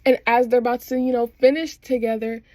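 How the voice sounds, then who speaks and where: A woman's voice: on the high side, fairly even intonation, brisk, a little mellow, dry recording. Chatty young woman recapping a show. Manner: chatty, slangy, laughs often while recapping. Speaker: vlogger. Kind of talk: casual TV recap chat.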